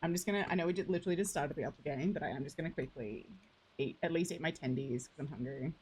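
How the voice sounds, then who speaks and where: A woman's voice: sits low, fast, a little mellow, husky, low-quality recording. A young woman streaming a farming game, chatting affectionately with viewers and calling them "lovely" and "darling". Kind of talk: casual live-stream chat.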